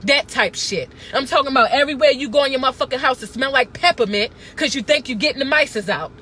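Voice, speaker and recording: A woman's voice: sits high, fast talker, pushed and bright, slight background noise. A woman, talking to camera in a blunt, profane, emphatic casual rant. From Baltimore. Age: 30s. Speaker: vlogger.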